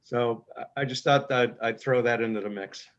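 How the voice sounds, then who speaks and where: A man's voice: medium pitch, fairly even intonation, moderate pace. A man commenting on a video call, hesitant, with many fillers and repeated words. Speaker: audience member. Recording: dull video call audio.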